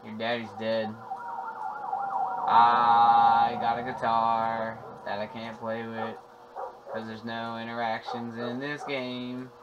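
A young man casually commentating a video game with a friend, profane and joking, mock-shouting at the screen. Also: mid-range voice, monotone, takes it slowly, lo-fi sound, heavy background noise. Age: young adult. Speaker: gameplay commentator. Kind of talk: casual let's play chat. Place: friend's room.

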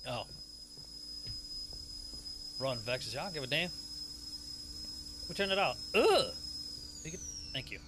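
A young adult man giving excitable, profane horror gameplay commentary and laughing often. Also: mid-range voice, measured pace, long pauses, music in the background. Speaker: gaming streamer.

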